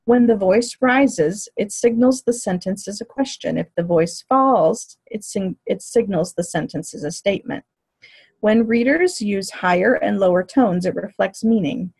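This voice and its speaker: A woman lectures to teachers in a steady, measured, explanatory manner. Her voice sits in a middle register with a slightly husky edge. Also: mid-range voice. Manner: clear, measured explanatory delivery. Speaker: teacher educator. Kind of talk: lecture on reading fluency.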